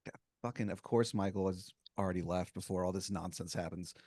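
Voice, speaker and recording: Man, podcast co-host, low voice, short blunt reactions, dry close sound. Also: steady tone, brisk, a little mellow, dry recording. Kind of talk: casual chat.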